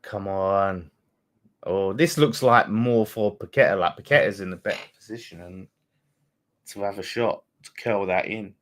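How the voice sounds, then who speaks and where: Speaking low-pitched at a moderate pace, this fan channel host is doing a live watchalong of a football match. He chats excitably with viewers, swearing freely and bantering in step with the play.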